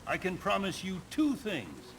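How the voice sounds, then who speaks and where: An actor playing a military officer in a game cutscene who speaks in a measured, persuasive, commanding way. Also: male voice, high voice, huge pitch swings, a bit bright, a little hiss or hum, full character voice. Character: stern military officer recruiting a soldier.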